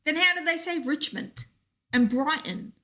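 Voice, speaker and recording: A woman's voice: sits high, expressive, normal speed, bright, forceful tone. A young woman streaming a game, chatting casually and reading out chat with joking asides.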